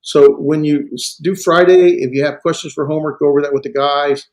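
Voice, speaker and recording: Relaxed man tutoring Greek. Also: a little high, a little fast. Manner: relaxed, coaching, filler-heavy. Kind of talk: one-on-one tutoring.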